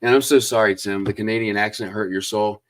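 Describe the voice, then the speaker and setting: A low-voiced man hosts a casual livestream interview, warm in his eagerness and full of fillers and restarts. He rambles along cheerfully, heard over a video call connection. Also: fairly even intonation, fairly quick. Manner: enthusiastic, rambling with many fillers. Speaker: host.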